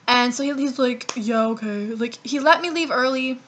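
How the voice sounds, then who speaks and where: A woman's voice: sits high, fairly quick, hardly any pauses. A young woman vlogger casually retelling a long personal story, swearing often and acting out what people said. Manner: profane, rambling, animated retelling with quoted dialogue.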